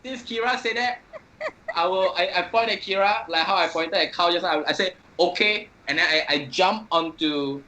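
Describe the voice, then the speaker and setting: A Singaporean man chatting casually as a player in a tabletop game. His voice is slightly raised and bright. He swears now and then and often restarts his sentences, over faint background noise. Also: sits high, brisk, poor audio.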